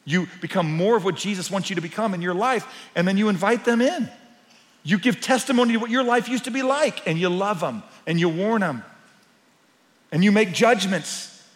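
A pastor preaches to his congregation with a voice pitched somewhat high for a man. He moves from hushed, intimate lines to loud, driving emphasis. His voice rings out with a long reverb tail, as in a large church hall. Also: moderate pace. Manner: dynamic preaching, swinging from soft to loud. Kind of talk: sermon.

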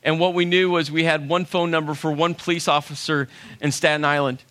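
A middle-aged man telling a funny story to an audience, lively, with acted-out quotes. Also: fairly high pitch, a little fast. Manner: animated, humorous, acts out quotes. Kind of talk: storytelling talk.

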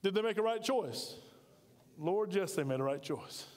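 A man's voice: high voice, animated, moderate pace, darkish tone, long reverb tail. A man preaching a sermon to his congregation, talking in a conversational way and asking them rhetorical questions. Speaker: pastor. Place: church sanctuary.

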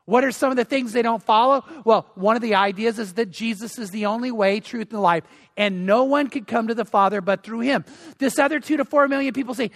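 A man's voice: extremely high pitch, a little fast, gravelly, a bit bright, in a large hall. An older man, a grandfather, preaching a sermon as pastor, earnest and repeating phrases for emphasis. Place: church.

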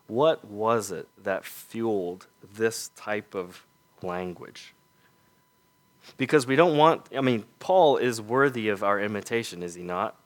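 A man preaching a sermon, earnest and full of rhetorical questions, letting his voice fall soft on key points. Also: fairly low pitch, animated, measured pace.

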